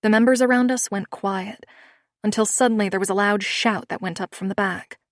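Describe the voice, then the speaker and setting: A woman narrating a romance audiobook in the first person, with a measured, expressive reading. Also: mid-range voice, dry recording, clean studio sound.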